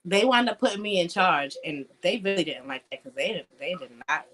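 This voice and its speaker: A woman's voice: lowish voice, lively intonation, fairly quick, poor audio. Blunt, salty-talking young woman. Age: young adult. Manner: blunt and profane, acts out yelling. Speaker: guest. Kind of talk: casual interview talk.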